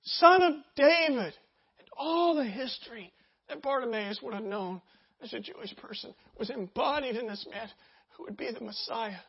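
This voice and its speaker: A pastor preaching in an animated, chatty way, with many asides and rhetorical questions to the congregation. The voice sits mid-range. The recording sounds slightly dull and lo-fi. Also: mid-range voice, normal speed, vocal fry, slightly rough. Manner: animated, conversational, acts out scenes. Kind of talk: sermon.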